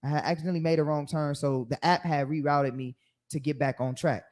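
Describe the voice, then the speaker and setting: Animated man teaching the Bible. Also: on the high side, fairly quick. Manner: animated storytelling, acting out quoted voices. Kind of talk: sermon-style Bible teaching.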